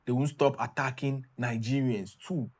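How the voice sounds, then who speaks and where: A man's voice: medium pitch, steady tone, normal speed. A man hosting an online commentary, chatting and asking viewers for their opinion. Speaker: host.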